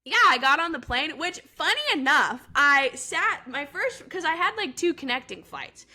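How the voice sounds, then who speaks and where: A woman's voice: sits high, lively intonation, normal speed, sharp tone. A woman in her twenties, co-hosting a podcast and telling a story in casual chat, talking in a chatty way with lots of "like" fillers. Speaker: podcast co-host.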